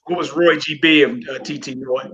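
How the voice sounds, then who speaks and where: A man's voice: a little high, fairly even intonation, slow pace, pushed and bright, breathy edge, lo-fi sound. A man teaching a class from a Hebrew textbook, reading passages aloud and explaining them with casual, folksy asides to the listeners.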